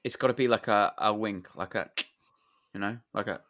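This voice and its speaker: A man's voice: on the low side, moderate pace, fairly bright tone, no echo, clean studio sound. A young man co-hosting a casual podcast, rambling through anecdotes and swearing casually. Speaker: podcast co-host. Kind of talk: casual chat.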